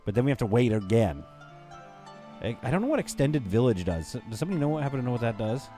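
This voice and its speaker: A man's voice: mid-range voice, very animated, fast talker, warm tone, soft background music. A man streaming a strategy game, rambling and thinking aloud as he chats with his viewers. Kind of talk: casual gameplay commentary.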